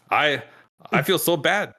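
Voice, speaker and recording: A man's voice: on the high side, pushed and bright. A man appearing as a guest on a podcast, self-deprecating and laughing often. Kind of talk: casual podcast chat.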